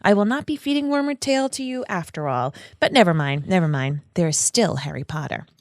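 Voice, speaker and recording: A woman reading aloud the lines of a cold, cruel, high-voiced male dark lord from a book, close and dry. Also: expressive, brisk, no echo.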